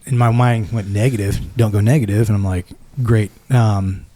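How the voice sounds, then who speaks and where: A man's voice: lowish voice, steady tone, moderate pace, warm tone. A man in his forties, a military veteran and podcast guest, earnestly retelling a personal story and acting out both sides of each conversation.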